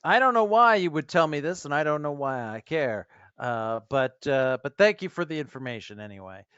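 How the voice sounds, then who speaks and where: A man's voice: a little high, expressive, moderate pace, pushed and bright, clear, resonant tone, dry recording, dull audio. A man playing a tabletop role-playing game, blustering pompously in character. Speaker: player.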